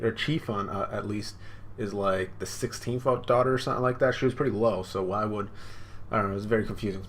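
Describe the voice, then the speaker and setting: A man's voice: mid-range voice, slight background noise. A man hosting a live manga reaction, rambling and unsure, with lots of fillers.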